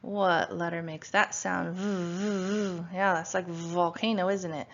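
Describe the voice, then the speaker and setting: A woman's voice: on the low side, steady tone, a little hiss or hum. Woman, first grade teacher, spelling lesson, sounds out letters patiently, dull lo-fi recording. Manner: sounds out letters slowly and patiently, asks questions. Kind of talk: phonics spelling lesson for young children.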